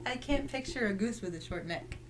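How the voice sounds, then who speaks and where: A woman's voice: fairly high pitch, a little hiss or hum, rough recording. A young woman co-hosting a casual podcast, giggly and easily amused as she reads out facts. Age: young adult. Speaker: podcast co-host. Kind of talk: casual chat.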